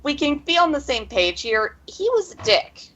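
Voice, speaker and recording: A woman's voice: sits high, very animated, normal speed, a bit bright, highs cut off, pitched above the performer's own voice. A woman voicing a blunt, irreverent young woman who translates for Pokemon. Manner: blunt, wry.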